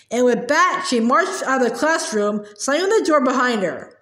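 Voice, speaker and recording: Woman narrator, high voice, expressive read-aloud, echoey room. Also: moderate pace, few pauses. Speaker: storybook reader. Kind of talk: chapter book read-aloud.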